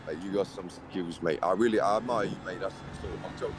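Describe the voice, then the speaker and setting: A man's voice: low-pitched, fast, few pauses. A man in casual banter, rambling and slangy, calling everyone mate and brother, putting on a British-style accent. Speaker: guest in voice chat. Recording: voice chat with clear background noise.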